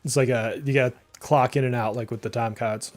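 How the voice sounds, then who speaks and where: A man in his thirties with a slight Massachusetts accent chats casually as a live game streamer. He rambles and reacts out loud to the action, in a voice of ordinary middle pitch. Game music plays faintly behind him. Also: steady tone, brisk. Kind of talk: casual live gameplay chat.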